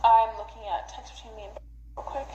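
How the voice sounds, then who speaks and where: A young woman recounting events as a witness in an interview, halting and hesitant, full of fillers and restarts. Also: fairly high pitch, steady tone, warm tone, dull audio. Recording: roomy recording with faint noise.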